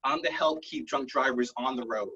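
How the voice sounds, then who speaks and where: A man doing a stand-up set over a video call, rambling through self-deprecating jokes in a deadpan way. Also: medium pitch, normal speed, crowd noise. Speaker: stand-up comedian. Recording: muffled lo-fi online call audio.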